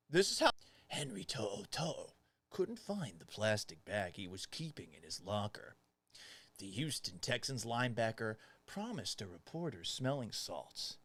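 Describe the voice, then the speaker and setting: A man hosting a sports commentary show, mocking and profane, swinging between loud outbursts and quiet asides. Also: medium pitch, no room sound.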